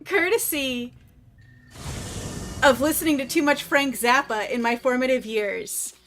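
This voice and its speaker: A woman's voice: high voice, measured pace, a bit bright, faint music behind. A woman streamer chatting casually and rambling with jokes while playing a game. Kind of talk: casual gameplay commentary.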